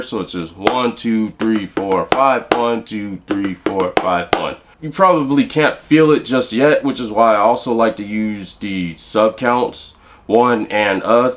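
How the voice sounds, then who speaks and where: Man counting out drum rudiments. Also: medium pitch. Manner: relaxed, counting beats aloud while playing. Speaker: drum instructor. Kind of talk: casual instructional talk.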